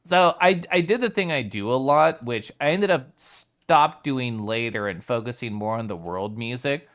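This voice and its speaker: Chatty streamer just hanging out with chat, super animated up and down voice, giggly and playful. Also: medium pitch, moderate pace. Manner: playful and chatty, laughs often, greets viewers by name. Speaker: live streamer. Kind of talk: casual chat with viewers.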